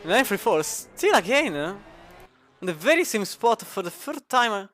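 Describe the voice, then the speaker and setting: A man's voice: high-pitched, sing-song, moderate pace, a bit bright. A man with an Italian accent commenting live on a sim racing endurance event. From Italy. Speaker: race commentator.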